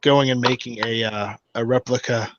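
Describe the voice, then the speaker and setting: A man co-hosting a casual podcast chat, halting and restarting his words. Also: medium pitch, steady tone, fairly bright tone, no room sound. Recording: dry, dull lo-fi audio.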